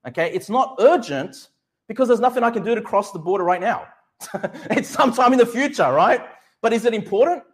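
High-voiced man preaching a sermon. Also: lively intonation. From Australia. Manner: emphatic, asks the congregation questions and answers them; slows right down to stress Bible verses. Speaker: pastor.

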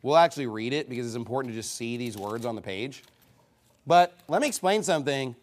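A man's voice: mid-range voice, expressive, fairly quick. A man preaching a heated, combative sermon, scornful of his opponents.

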